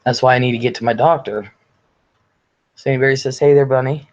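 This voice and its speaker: A man's voice: mid-range voice, steady tone, fairly quick. Older man chatting on a lo-fi livestream. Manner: chatty, blunt, swears freely. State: recovering from illness, congested. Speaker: livestream host. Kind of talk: casual livestream chat, reading viewer comments aloud. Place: at home. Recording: slightly dull lo-fi audio.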